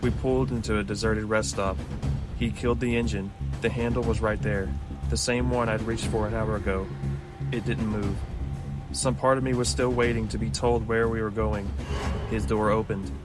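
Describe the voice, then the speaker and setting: A man reading scripted horror stories aloud in a measured, low-key way. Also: steady tone, poor audio. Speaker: narrator. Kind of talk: scripted horror story narration. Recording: music clearly behind the voice.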